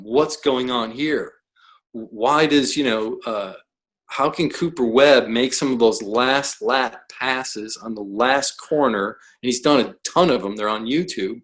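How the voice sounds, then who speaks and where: A man's voice: mid-range voice, fairly bright tone, rough recording. A man who is a professional coach, talking as a podcast guest in an emphatic, blunt way, full of rhetorical questions. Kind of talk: podcast interview.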